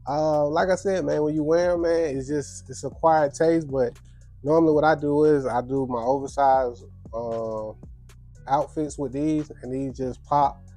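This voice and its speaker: Stuffy-nosed young guy vlogging, chill slangy talk, mellow tone, soft music underneath. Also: medium pitch. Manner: laid-back slangy chatter. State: congested. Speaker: sneaker vlogger. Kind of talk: casual video recap.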